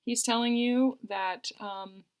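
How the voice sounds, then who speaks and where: A woman's voice: fairly high pitch, fairly even intonation, takes it slowly. A woman giving a tarot card reading, talking earnestly and reassuringly and often repeating her phrases. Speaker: tarot reader.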